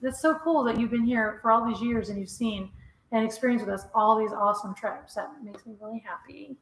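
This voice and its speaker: Gushing high-voiced woman in an echoey room. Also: normal speed. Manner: gushing, excitable. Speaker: vlog co-host reading live chat. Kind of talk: casual live-stream chat. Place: home room. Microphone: webcam on tripod. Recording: echoey room, faint noise.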